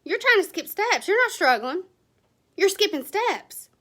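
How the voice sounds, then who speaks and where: A woman's voice: very high-pitched, very animated, a little slow, a bit bright. A woman, giving a blunt, passionate motivational talk to her sales team. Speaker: direct sales team leader.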